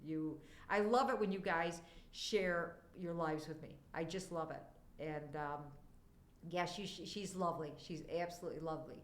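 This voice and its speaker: There's reverb on this older woman's lowish voice, and she speaks at a normal speed. She's a livestreamer chatting casually, treating her viewers with warmth and affection while straying onto one tangent after another.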